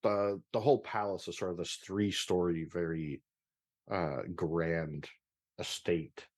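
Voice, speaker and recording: Deep-voiced man as game master. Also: steady tone, takes it slowly. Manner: describes scenes with many fillers. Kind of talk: narrating a tabletop game.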